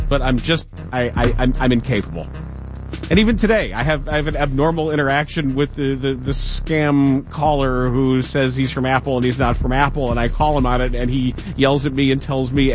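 A man hosting sports talk radio, telling stories in a lively voice and slipping into quick impressions. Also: medium pitch, faint music behind. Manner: animated storytelling, does quick voices. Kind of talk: casual talk radio monologue. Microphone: studio mic.

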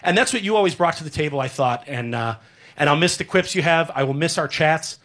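A man's voice: fairly high pitch, lively intonation, fairly quick, a bit bright. A man in his thirties, a radio sports director, giving a rambling, heartfelt farewell tribute on air with many fillers.

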